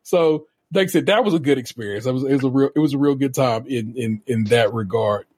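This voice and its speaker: Laid-back husky man, dry sound. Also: medium pitch, fast, darkish tone, dry recording. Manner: laid-back storytelling, profane. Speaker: podcast co-host. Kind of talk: casual chat.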